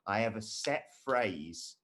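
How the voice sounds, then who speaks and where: A man's voice: on the low side, animated, takes it slowly, fairly bright tone. A young man co-hosting a live stream, casually reading viewer comments aloud with jokey asides.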